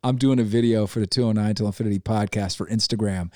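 A man co-hosting a casual podcast, talking in an upbeat, excitable way and laughing often. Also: lowish voice, fast, no room sound, studio quality. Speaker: podcast co-host.

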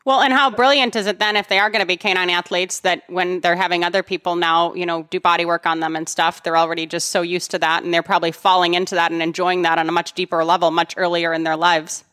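A woman's voice: on the low side, level tone, fast, few pauses, fairly bright tone. A woman hosting a podcast asks curious, rambling interview questions, strung together with many fillers. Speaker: podcast host. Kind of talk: interview questions, casual chat.

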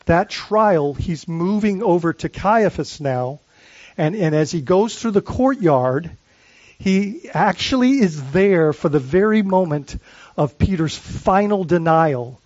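A man delivers a sermon as pastor, his voice sitting high for a man. He talks earnestly, poses question after question and often restarts his sentences. The recording is dry and a little muffled. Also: a little mellow, no room sound. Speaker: lead pastor.

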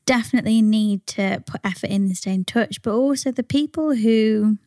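A woman's voice: a little high, fairly quick, mellow, no echo. A woman from England co-hosting a podcast, talking reflectively and earnestly, with casual swearing. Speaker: podcast co-host. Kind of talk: casual chat.

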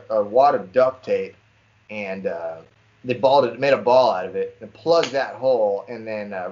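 A young man casually telling a lively fishing story to friends on a podcast and calling them "dude" a lot. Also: mid-range voice. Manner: animated storyteller, says "dude" often. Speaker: podcast co-host. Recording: slightly dull lo-fi sound.

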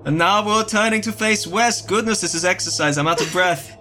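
A man's voice: high voice, fairly quick, sharp tone, soft background music. A man playing a tabletop game in character, calling out ritual words for others to repeat and often laughing. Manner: chanting commands, breaking into laughter. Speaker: player leading a ritual in character. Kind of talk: in-character tabletop role-play.

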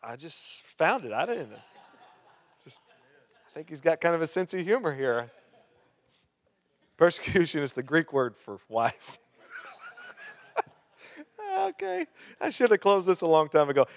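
A man preaches a sermon, reading Bible verses aloud and stopping to quiz and joke with the congregation. His voice sits on the high side for a man. It rings out with the long reverb of a big hall. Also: wildly swooping pitch, measured pace, long pauses. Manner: reads scripture, then asks the crowd questions and jokes. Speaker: pastor.

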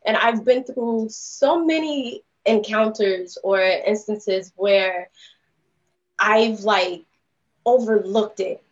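A woman's voice: mid-range voice, slow. A woman guest speaker telling her personal story in a candid, rambling way, full of "you know" fillers. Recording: dull lo-fi live stream audio.

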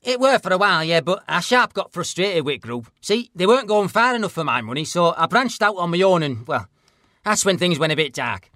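An actor playing a blunt, deadpan middle-aged northern English ex-stalker, in a mock documentary interview. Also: male voice, high-pitched, fairly quick, dry recording, clean studio sound. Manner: deadpan, blunt, plain-spoken.

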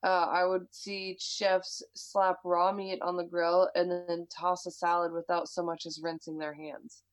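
Lower-voiced American woman reading stories. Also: poor audio. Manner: laughs often, swears casually. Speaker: podcast co-host. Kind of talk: casual chat, reading listener stories aloud.

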